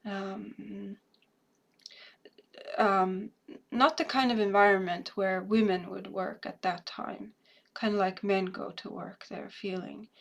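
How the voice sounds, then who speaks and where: A woman doing a remote viewing session, describing her impressions slowly and haltingly with many pauses and fillers, and growing emotional. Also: medium pitch, steady tone, creaky, muffled recording. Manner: emotional, laughing and tearful. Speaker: remote viewer.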